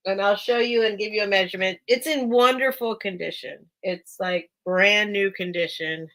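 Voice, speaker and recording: A woman with a medium-pitched, fairly bright voice talks at a moderate pace while hosting a casual live-stream sale from a small room at home, where a towel is tucked under the door. She's chatty, easily distracted, and laughs often.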